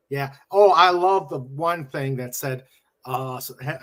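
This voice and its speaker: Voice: mid-range voice, unhurried, fairly bright tone. A podcast co-host in casual chat who laughs often and reads posts aloud.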